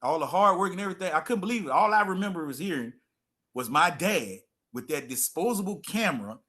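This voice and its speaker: A man's voice: high-pitched, expressive, a little fast, bright, forceful tone. A middle-aged man, a former football player telling stories as a guest in a casual interview and repeating phrases for emphasis.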